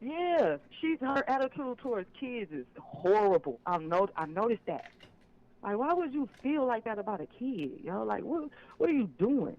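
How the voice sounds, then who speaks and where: A man with a notably high voice calls in over a dull, lo-fi phone line. He tells his story emphatically and with a clear sense of grievance, pressing each point home. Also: very animated, moderate pace, darkish tone. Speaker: caller. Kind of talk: phone-in call on a live stream.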